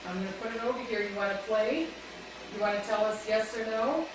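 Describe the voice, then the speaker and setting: A woman's voice: a little high, brisk, very echoey, far from the mic, rough recording. An older woman working as a psychic who chats casually and coaxes spirits during a night ghost hunt in an old wooden building. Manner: chatty, coaxing, talking to spirits.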